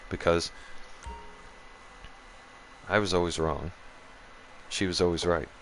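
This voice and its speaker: A man's voice: sits low, fairly even intonation, takes it slowly, a bit bright, a little hiss or hum. A man hosting a gaming channel, ranting profanely in casual chat and talking straight to his viewers. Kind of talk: casual rant while streaming a game.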